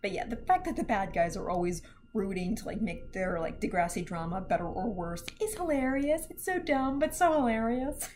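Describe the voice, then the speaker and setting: A young woman casually reviewing a cartoon show, chatty and animated, often laughing and slipping into quick impressions of characters. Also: medium pitch, noisy background.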